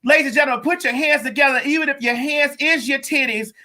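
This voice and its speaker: A host with a flamboyant, sassy manner, hyping up guests on a live-streamed comedic talk show over a video call. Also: female voice, high voice, quick pace, sharp tone. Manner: flamboyant, sassy, hype introductions.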